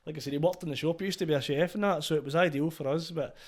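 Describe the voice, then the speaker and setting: A man's voice: a little high, rapid-fire. A Scottish man from Falkirk, a DJ guest telling sweary stories in casual podcast chat. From Scotland. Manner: sweary, laughing storyteller.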